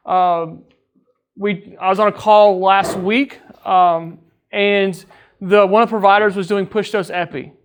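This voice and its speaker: A man with a fairly high voice gives an easygoing training talk to his crew. He keeps it conversational and teasing, often tossing in a quick "right?" to check they are following. He sounds like a training officer talking with colleagues, not reading a script. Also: steady tone, slight background noise. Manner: jokes with the crew. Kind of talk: casual training lecture.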